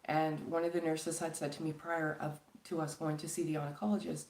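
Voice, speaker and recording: A woman from Canada speaks on a casual live stream, earnest and pleading, with rambling sentences full of fillers. Her voice sits a little low, and it rings in an echoey room. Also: flat delivery, normal speed, gravelly, darkish tone. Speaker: spiritual channel host.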